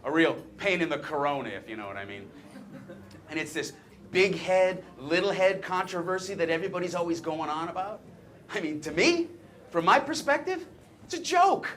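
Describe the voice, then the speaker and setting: A man's voice: sits high, sharp tone, heavily acted. A man performing a stage comedy monologue as a brash, chatty talking penis, teasing the audience with cocky patter.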